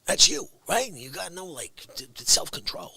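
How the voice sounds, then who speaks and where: A middle-aged man hosting a livestream, chatting and ranting comically to viewers, dropping to whispers and jumping to shouts. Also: on the high side, moderate pace, crowd noise. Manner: excitable, swings from whispers to shouts; playful comic ranting to the chat. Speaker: livestream host. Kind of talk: animated livestream chat.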